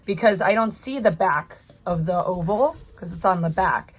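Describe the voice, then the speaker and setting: A woman's voice: fairly low pitch, normal speed, slightly rough. A woman art teacher talking through a drawing as she works, encouraging her viewers step by step. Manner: encouraging, talks while drawing. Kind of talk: live drawing tutorial.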